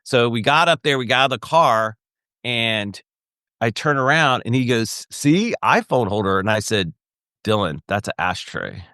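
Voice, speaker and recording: A middle-aged man in casual podcast chat, telling animated stories and acting out the voices of other people. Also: medium pitch, normal speed, clean tone, no room sound, clean studio sound. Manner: animated storyteller acting out quoted dialogue. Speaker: podcast co-host or guest.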